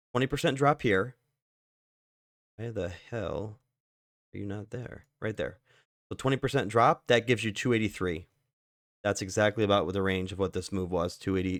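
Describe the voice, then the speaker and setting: A man's voice: lowish voice, dry recording, clean studio sound. A man casually walking through stock charts, rambling with lots of fillers and the odd curse. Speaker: stock market commentator. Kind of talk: casual chart analysis walkthrough.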